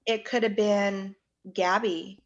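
Woman in her forties, slow grieving storyteller, muffled lo-fi sound. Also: mid-range voice, steady tone. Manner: slow, halting, with restarts. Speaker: guest recounting her son's death. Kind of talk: emotional personal account.

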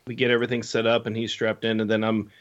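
A young man co-hosting a podcast, telling a story in a casual, animated way with lots of fillers. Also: fairly low pitch, fast talker. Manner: animated storyteller, many fillers and acted quotes. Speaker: podcast co-host. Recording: slightly dull lo-fi sound.

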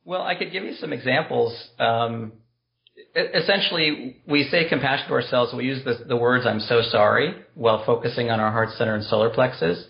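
A man's voice: mid-range voice, a little fast, gravelly, muffled recording. A man being interviewed on a podcast, explaining a compassion practice in an earnest, explanatory way with spiritual wording. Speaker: guest, compassion practice teacher.

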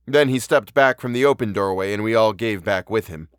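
A man hosting a podcast and reading a horror story aloud in a measured, earnest way. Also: lowish voice, smooth, no room sound, clean studio sound. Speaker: podcast host and audiobook narrator.

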